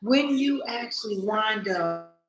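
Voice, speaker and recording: A woman vlogging in a casual monologue, animated and blunt, cursing freely and talking straight to her viewers. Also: medium pitch, slow, roomy sound, poor audio.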